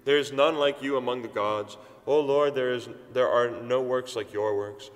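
A man reciting psalms at a steady pace during a church service, then chanting the refrains. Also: mid-range voice, moderate pace. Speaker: church reader. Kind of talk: liturgical psalm reading and chanting. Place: large church. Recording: long church reverb.

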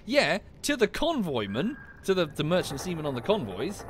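A man's voice: a little high, huge pitch swings, normal speed, slight background noise. A man from the UK chatting casually while streaming a game, with dry muttered asides. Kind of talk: casual gameplay commentary.

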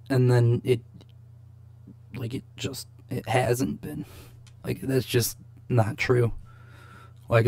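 A young man talking slowly through a rambling, exasperated reaction to a debate clip. His voice has a gravelly fry to it, and he swears freely as he picks apart what he has just heard. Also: medium pitch, darkish tone. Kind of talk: casual commentary.

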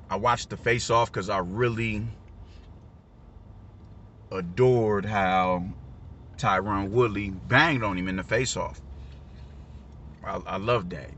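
A man's voice: deep voice, fairly even intonation, slow, pauses often. A man in a casual, unscripted rant, talking emphatically, repeating himself and swearing freely. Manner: emphatic, repetitive, profane, says "you dig" a lot. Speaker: reaction vlogger. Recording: lo-fi audio with loud traffic noise.

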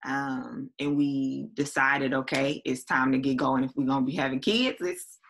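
A woman in her thirties with a low, forceful voice. She talks in an easy, chatty way, full of fillers and little acted-out quotes of her own thoughts. She sounds relaxed and conversational, like she is talking with a friend. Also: moderate pace, slight background noise. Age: 30s. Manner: chatty, many fillers and quoted self-talk. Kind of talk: casual chat.

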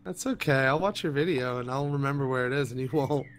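A man's voice: mid-range voice, quick pace. A man in casual gaming banter, joking and needling his friends. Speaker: gamer.

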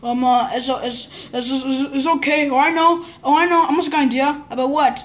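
A female speaker improvising a toy play-acting story in a halting, stammering way. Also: high-pitched.

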